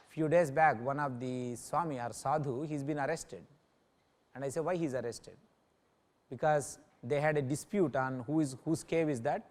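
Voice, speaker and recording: A male yoga teacher giving an informal talk to a class, often checking in with listeners by asking "Okay?". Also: mid-range voice. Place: yoga center in New Delhi.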